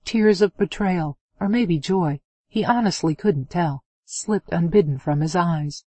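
A woman narrating an adult romance novel in a steady, expressive reading on a close mic. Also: on the low side, measured pace, slightly rough, no room sound. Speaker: audiobook narrator.

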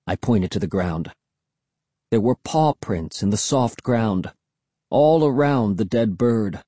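A man narrating a first-person audiobook in a measured, even storytelling manner. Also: on the low side, no echo.

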